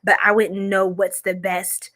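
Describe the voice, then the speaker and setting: Slow-talking playful woman. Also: mid-range voice, flat delivery, a bit bright. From New York. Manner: playful and giggly, laughs often. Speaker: psychic reader, livestream host. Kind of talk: casual livestream chat.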